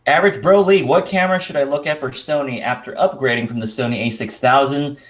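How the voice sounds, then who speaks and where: A man's voice: medium pitch, fast talker. A man hosts a casual live stream, reading out viewer comments and answering them. He sounds easygoing and laughs often. He stumbles a little over unfamiliar names.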